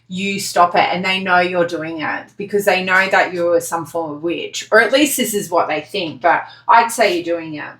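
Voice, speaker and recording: A woman with a fairly low voice gives a casual tarot reading straight to her viewers. She talks in a blunt, chatty way and swears without a second thought. The sound bounces around an echoey room. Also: a bit bright. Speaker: tarot reader.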